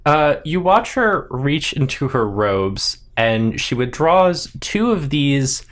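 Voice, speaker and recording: A man narrating a tabletop game as game master in a measured, deliberate way. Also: mid-range voice, sing-song, fairly bright tone.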